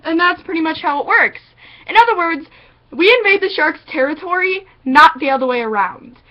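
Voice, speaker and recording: A woman's voice: very high-pitched, normal speed. A woman ranting sarcastically and with swearing in a vlog monologue, on a dull lo-fi recording. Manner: sarcastic, profane, animated ranting. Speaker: vlogger.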